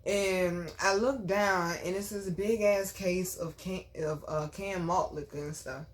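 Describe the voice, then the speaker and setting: A woman hosting a vlog tells a personal story casually, in an emphatic, chatty way with frequent asides to her viewers. Her voice is fairly low and unhurried, with fairly even intonation.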